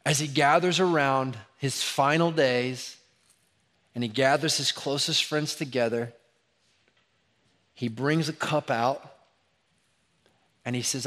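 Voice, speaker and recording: A man preaching a sermon in a church, animated, acting out sarcastic asides before dropping to a hushed, intense tone. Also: medium pitch, slow. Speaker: pastor. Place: church sanctuary.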